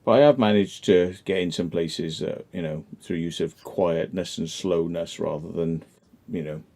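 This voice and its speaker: A man's voice: deep voice, fairly even intonation, creaky, warm tone. A man hosting a livestream, rambling and joking in casual chat. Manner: rambling, self-deprecating, quick to joke. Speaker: livestream host.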